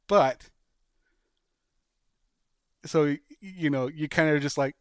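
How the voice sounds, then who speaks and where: A man hosting a podcast, chatting casually and pitching a sketch idea with animated storytelling and bursts of laughter. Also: slow pace, pauses often, no echo, clean studio sound. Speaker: podcast host. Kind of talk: casual chat.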